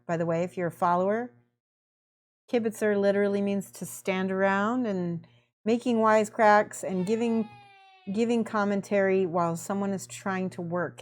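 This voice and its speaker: Chatty woman streaming as she paints. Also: medium pitch. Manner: chatty and effusive, thanking viewers by name. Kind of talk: casual livestream chat while painting.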